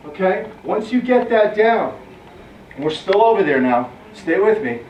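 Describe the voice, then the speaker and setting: This male fitness trainer has a high-pitched yet darkish, expressive voice and keeps a measured pace. He calls out short commands and counts reps while demonstrating the workout, captured in an echoey, distant, dull recording with slight background noise.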